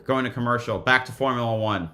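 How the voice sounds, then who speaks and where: A man hosting a live stream, chatting casually and thinking out loud as he watches a race. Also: medium pitch, fast talker.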